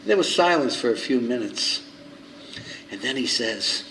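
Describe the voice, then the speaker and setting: A man in his seventies, a recovery circuit speaker telling stories at a meeting and acting out both sides of the conversations with lively swings in his voice. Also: medium pitch, measured pace, pauses often. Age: 70s. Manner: animated storyteller acting out both sides of dialogue. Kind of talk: storytelling talk at a recovery meeting. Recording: echoey hall with faint noise.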